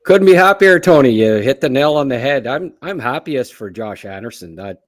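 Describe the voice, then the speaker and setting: A man's voice: medium pitch, animated, moderate pace, dry recording, studio quality. A man joining a hockey podcast as guest analyst, talking in a delighted, casual way and repeating words as he starts. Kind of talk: casual sports chat.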